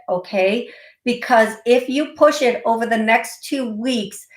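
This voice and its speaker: Woman psychic radio host, slow, giggly, gives firm repeated advice; roomy echo. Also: a little high. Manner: warm, giggly, direct advice with repeated warnings. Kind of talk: call-in psychic reading.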